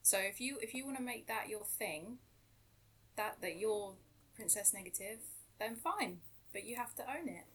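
A woman with a Kent accent chats on a podcast with a husky, slightly breathy tone. She talks bluntly and swears freely, at a middling pitch. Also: lively intonation, normal speed, a bit bright. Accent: Kent English. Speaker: podcast co-host. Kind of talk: casual chat.

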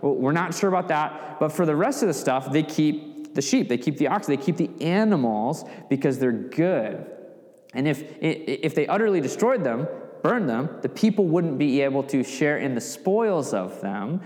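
A man teaching from scripture in a relaxed, chatty way, often pausing to ask "right?" His voice sits a little high for a man. Long reverb trails each phrase, as in a large hall. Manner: conversational, with frequent "right?" asides and restarts. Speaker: Bible teacher. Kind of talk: Bible teaching.

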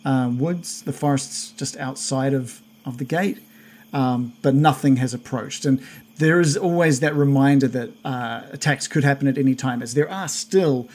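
A man running a tabletop game narrates haltingly as game master, with many fillers and restarts. His voice is mid-range with a darkish tone.

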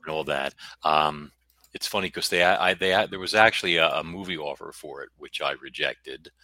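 A man's voice: a bass voice, moderate pace, bright, forceful tone. A middle-aged man with a faint Brooklyn accent, a guest author rambling on a video call and stopping himself mid-sentence. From United States. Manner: rambling, self-interrupting, reads a synopsis aloud. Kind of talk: casual interview chat.

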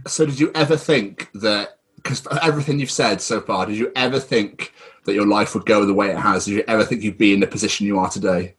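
A man's voice: fairly low pitch, a little fast, a bit bright. A man hosting a podcast interview, giving brief reactions and asking questions. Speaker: podcast host. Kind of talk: casual interview.

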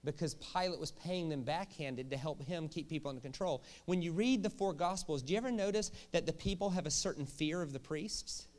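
A male pastor preaches with a light, joking touch, tossing rhetorical questions at his listeners. His voice sits a bit high, and his delivery swings from playful asides to plain explanation. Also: a little fast, few pauses. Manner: jokey, animated, asks the crowd questions. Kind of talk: sermon.

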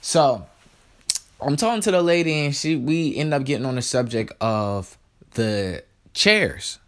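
Dude rambling through a story, slangy and chill, lots of ums and likes. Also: male voice, mid-range voice, lively intonation, a little slow, smooth. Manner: slangy, laid-back, lots of fillers. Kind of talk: casual storytelling monologue.

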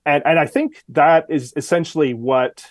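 A man talking as a guest commentator in a casual interview, relaxed and full of fillers, sometimes shifting his voice to quote people. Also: a little high, moderate pace, no room sound. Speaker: guest commentator on city politics.

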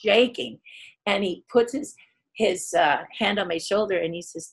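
A middle-aged woman guest telling stories in an interview, leaping up in pitch to act out the people she quotes. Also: a little slow, slightly rough. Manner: lively storyteller who jumps high to act out quoted people. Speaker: guest, puppeteer. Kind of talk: animated storytelling interview.

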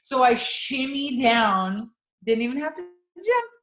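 Podcast co-host: young woman, a bit high, animated storyteller, echoey room. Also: a little slow. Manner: animated storyteller, laughs often. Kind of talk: casual storytelling chat.

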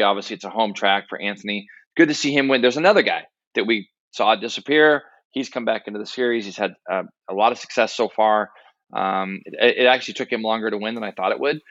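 A man's voice: lowish voice, fairly bright tone. A man co-hosting a racing podcast from a hotel room over a remote call, chatty and ribbing, with loose fillers. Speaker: podcast co-host. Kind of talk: casual chat about motorcycle racing. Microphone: remote call with a dropping connection. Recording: dull lo-fi call audio.

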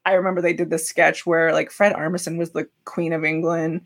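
A woman's voice: sits low, level tone, brisk. A woman comedian guest-hosting a podcast, playful and teasing, laughing often. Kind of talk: casual comedic chat.

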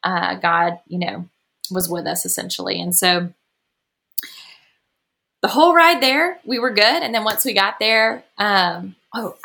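A woman's voice: medium pitch, vocal fry, bright, forceful tone. A woman, a podcast guest talking through a personal story in a chatty way and laughing often. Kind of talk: casual storytelling.

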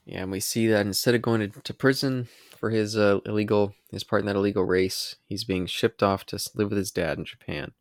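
A man's voice: on the low side, steady tone, a little fast, hardly any pauses, no echo, clean studio sound. A man co-hosting a podcast, chatting casually about a movie and thinking aloud with hesitant fillers. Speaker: podcast co-host. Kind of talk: casual film commentary chat.

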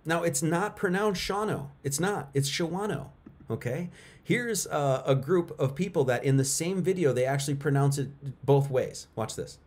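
A man's voice: fairly high pitch, moderate pace, a little mellow. A middle-aged man hosting a casual livestream, talking emphatically to his viewers and repeating points for effect. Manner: emphatic and repetitive, talks to chat. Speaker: livestream host.

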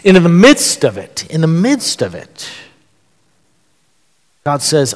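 A man's voice: on the high side, wildly swooping pitch, takes it slowly. A middle-aged man preaching a sermon as pastor, earnest and conversational, asking questions of the congregation. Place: church sanctuary. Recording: long church reverb.

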